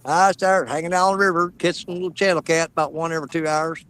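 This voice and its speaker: A man chats in a loose, joking way while out fishing on a river. His voice sits a bit high for a man, and the talk is easygoing banter for a live stream. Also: fairly even intonation, fast talker, fairly bright tone. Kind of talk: casual chat. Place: outdoors on a river.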